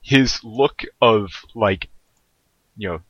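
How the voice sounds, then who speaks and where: A man narrating as game master, calm and descriptive. His voice is bright and forceful, recorded dry with no room sound. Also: fairly low pitch, slow pace, dry recording, dull audio.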